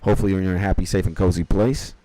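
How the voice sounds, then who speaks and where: A man's voice: sits low, steady tone, very fast, mellow, no room sound, low-quality recording. A young man streaming a game, chatting casually with viewers, swearing freely and reading quest dialogue aloud. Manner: swears casually, greets chat viewers by name.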